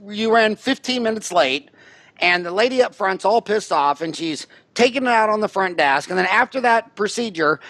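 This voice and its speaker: Brief: male podcast host, high voice, blunt joker, dry close sound. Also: creaky, fairly bright tone, no echo. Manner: rambling, joking, blunt. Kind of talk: casual interview chat. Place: Scottsdale.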